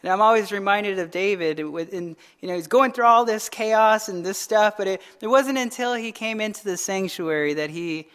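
A woman's voice: medium pitch, normal speed, few pauses. A woman teaching a midweek Bible study in a conversational way, often asking "right?" and restarting her phrases.

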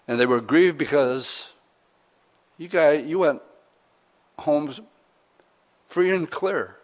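A man preaching a sermon in a conversational, earnest way, with emphatic rises. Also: mid-range voice. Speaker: pastor.

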